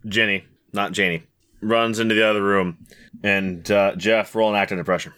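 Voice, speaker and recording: A man's voice: on the low side, fairly even intonation, moderate pace, fairly bright tone, clean tone. A man narrating as game master in a loose, joking way with many fillers.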